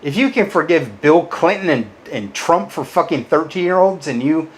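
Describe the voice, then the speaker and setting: A man ranting bitterly at his critics in a to-camera monologue, swearing often, jumping up when riled and dropping low and quiet on insults. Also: animated, moderate pace. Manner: bitter, combative, swears a lot. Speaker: YouTuber.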